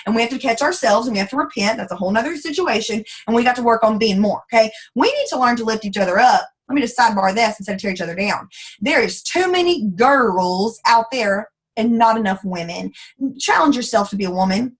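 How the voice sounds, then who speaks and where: Woman, high voice, motivational team call, emphatic, folksy, blunt. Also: animated, fast talker. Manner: emphatic, acts out quoted voices. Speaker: team leader coaching sales ambassadors.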